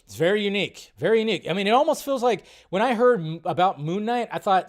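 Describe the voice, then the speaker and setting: Animated man hosting a film livestream. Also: sits high, fast, few pauses. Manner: animated, swearing, reacting loudly. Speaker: livestream host. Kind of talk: casual film commentary livestream.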